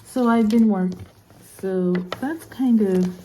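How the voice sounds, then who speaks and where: A woman's voice: mid-range voice, slow, dark tone. A young woman vlogging casually as a student, chatty and rambling with lots of fillers while she unboxes a laptop. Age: young adult. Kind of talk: casual unboxing vlog chat.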